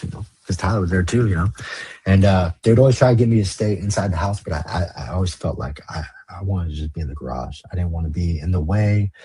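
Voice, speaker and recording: A man's voice: low voice, quick pace, dark tone, breathy edge. A man telling his life story as a podcast guest, blunt and profane, acting out past conversations in quoted lines. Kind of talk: candid storytelling in a podcast interview.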